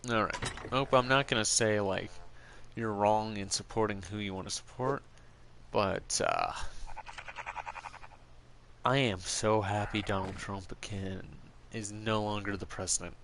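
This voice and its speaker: A man's voice: fairly low pitch, steady tone, a little slow, fairly bright tone, a little hiss or hum. A man streaming, rambling casually and with strong opinions as he answers viewers' chat. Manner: rambling, opinionated, full of fillers.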